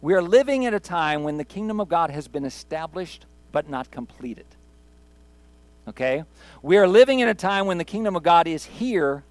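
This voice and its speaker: A male pastor delivering a sermon with a slightly high-pitched voice. He preaches conversationally, repeating key phrases and polling the congregation. The sound is close and dry. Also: dry recording. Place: church sanctuary with congregation.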